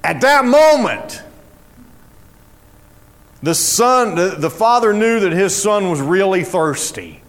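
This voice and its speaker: Animated folksy preacher, high voice. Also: male voice, takes it slowly, long pauses. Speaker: pastor. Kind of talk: sermon with storytelling.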